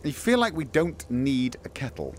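A man giving playful, excitable running commentary while playing a VR game, chatting to a companion through a headset mic. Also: medium pitch, normal speed, a little hiss or hum. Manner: excitable, jokey asides. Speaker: gaming streamer. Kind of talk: casual VR gameplay commentary.

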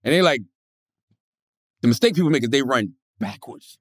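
A man co-hosting a podcast, chatting casually and telling animated stories, laughing often. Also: mid-range voice, normal speed, dry recording, studio quality. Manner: animated storytelling, laughs a lot. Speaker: podcast co-host. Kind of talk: casual chat.

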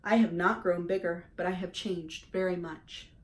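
A woman voicing a patient female robot mother who speaks in an even, measured way, reading a storybook aloud. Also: on the low side, close to an everyday voice. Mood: calm.

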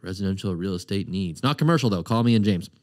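A man's voice: low-pitched, lively intonation, quick pace. Easygoing Nova Scotian man co-hosting. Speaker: podcast co-host. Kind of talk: casual chat.

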